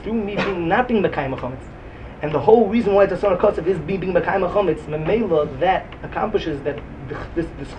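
A man with a Yeshivish English accent giving a Talmudic lecture in a rapid, emphatic way. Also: sits high, lo-fi sound, slight background noise. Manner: rapid, emphatic, mixes Yiddish and Hebrew terms into English. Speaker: Talmud teacher.

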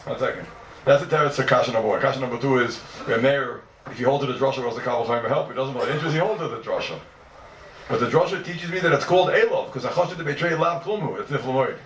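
A man giving an animated Talmud class, who asks and answers his own questions in a sing-song study cadence. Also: medium pitch, quick pace, slight background noise. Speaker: Talmud teacher. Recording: roomy, distant mic with faint background.

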